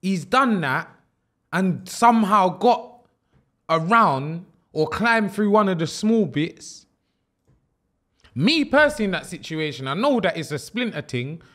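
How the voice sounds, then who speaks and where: Excitable lad streaming a horror game. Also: male voice, high-pitched, unhurried. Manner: excitable, swearing, joking slang banter. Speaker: gaming streamer. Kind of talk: horror let's-play commentary.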